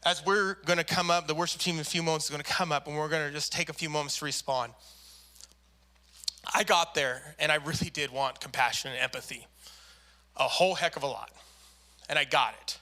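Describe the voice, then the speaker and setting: A man preaching a sermon to a church, telling a personal story with lively acted-out voices. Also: a little high, fairly quick, pauses often. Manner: animated storyteller, acts out quoted voices. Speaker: pastor. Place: church service.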